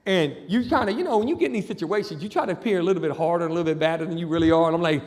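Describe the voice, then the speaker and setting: A man doing stand-up comedy, telling an animated story and acting out the people in it. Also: on the high side, racing, hardly any pauses. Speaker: comedian and juggler. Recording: reverberant hall.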